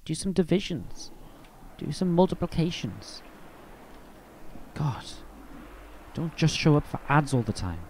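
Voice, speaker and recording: A man's voice: fairly high pitch, big pitch swings, unhurried, long pauses, darkish tone, a little hiss or hum. A man with an English accent casting a live strategy game match, mixing play-by-play calls with chatty asides. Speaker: esports caster.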